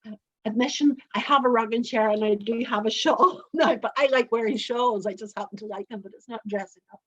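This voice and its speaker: Brisk and a little high and bright, an older Northern Irish woman with the accent to match talks as a storyteller guest in a conversational interview. Her manner is forthright and emphatic, though the recording is muffled.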